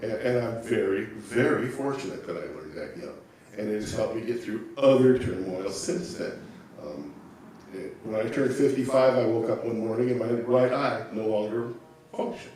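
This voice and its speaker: A man in his sixties giving a calm, reflective personal testimony as a guest speaker in a church. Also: on the low side, normal speed, faint music behind. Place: church sanctuary. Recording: very echoey room, mic at a distance.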